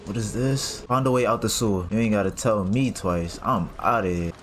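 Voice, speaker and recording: A man's voice: on the low side, normal speed, slight background noise. A man commentating his horror game playthrough, reacting in panic with casual slang. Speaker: gaming streamer. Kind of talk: let's play commentary. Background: game music.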